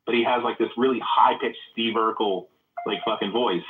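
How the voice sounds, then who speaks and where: A man's voice: lowish voice, normal speed, reverberant, music in the background. A man in a heated casual debate in a live audio chat room, telling rambling stories full of profanity. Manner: profane, rambling, animated storytelling. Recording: phone-like narrow audio.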